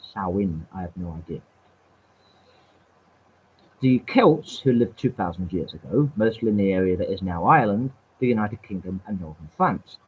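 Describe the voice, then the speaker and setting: A man reads aloud from webpages with a lively, up-and-down voice and a husky edge. He trips over words, repeats himself, and drops in dry remarks between passages. The sound is thin and tinny, like a phone line. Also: fairly low pitch. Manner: stumbling reader, repeats words, wry asides. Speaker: channel host. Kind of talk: reading aloud from webpages with casual asides.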